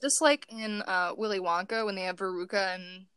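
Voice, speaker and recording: A woman's voice: mid-range voice, fairly even intonation, normal speed, a bit bright, clear, resonant tone, dry recording. A young woman chatting in a casual podcast, bubbly and giggly.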